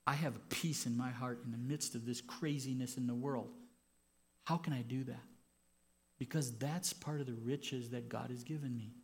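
A man preaching a sermon as pastor in a church, moving from quiet, personal reflection to loud, impassioned stretches. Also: mid-range voice, steady tone, normal speed.

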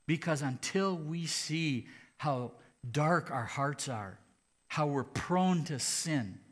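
A man preaching a sermon, moving between hushed, slow passages and loud, emphatic ones. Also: medium pitch. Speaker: pastor.

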